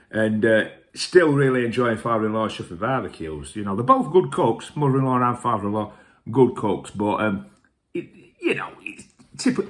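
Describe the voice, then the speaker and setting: A middle-aged man, a little tipsy, rambling through jokey stories and swearing mildly in nearly every sentence. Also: mid-range voice. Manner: animated, jokey and self-mocking. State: tipsy from drinking whisky. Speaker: whisky reviewer and vlog host. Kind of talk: rambling casual storytelling.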